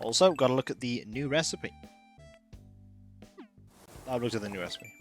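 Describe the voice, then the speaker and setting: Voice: medium pitch, animated, moderate pace, faint music behind. A streamer giving casual, joking commentary while playing a game. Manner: dry, joking asides.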